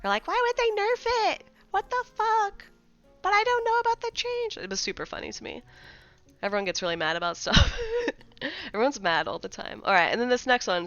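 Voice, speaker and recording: Woman streamer, casual chatty talk, bright crisp voice, dry dull-sounding mic. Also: mid-range voice, no room sound. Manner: chatty, greets chat mid-sentence. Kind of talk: casual live-stream chat.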